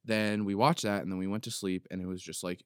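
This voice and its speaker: A podcast host with a deep, clear, resonant voice talks fast with fairly even intonation, recorded in studio quality with no room sound. He spins a long, rambling story as a casual comedic monologue, peppered with "like."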